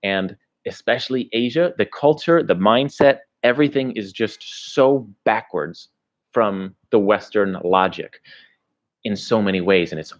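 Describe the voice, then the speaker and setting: A man's voice: lowish voice, measured pace. A man who vlogs about his travels, chatting casually on a livestream and rambling through answers to viewer questions. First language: English. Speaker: travel vlogger.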